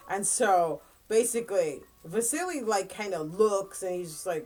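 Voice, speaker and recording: A woman chatting casually as a book reviewer, retelling a plot in a rambling way with lots of fillers and quick quoted lines. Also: mid-range voice, expressive, a little mellow, soft background music.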